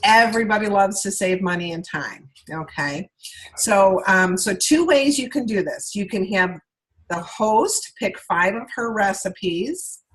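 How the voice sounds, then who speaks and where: A woman at an ordinary middle pitch leads a training session for her sales directors over a video call. She talks in a chatty, looping way and often stops to check in with "all right?" before moving on. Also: expressive, measured pace, low-quality recording.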